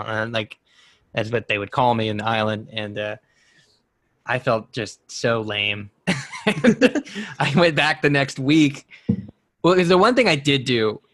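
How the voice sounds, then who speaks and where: A man's voice: mid-range voice, fairly bright tone, no echo. A man in his twenties chatting casually as a podcast co-host, rambling through a personal story with many restarts. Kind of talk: casual chat.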